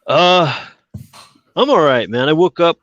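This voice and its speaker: A man talking casually on a podcast over a call, relaxed and rambling. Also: a little high, measured pace, no echo, dull audio.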